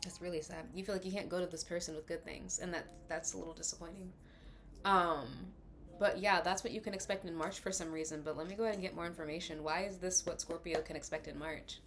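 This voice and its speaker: A woman's voice: fairly low pitch, steady tone, fast, a bit bright, a little hiss or hum. Chatty woman reading tarot cards. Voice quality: slight lisp from retainer. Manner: chatty, rambling, lots of fillers. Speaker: tarot reader.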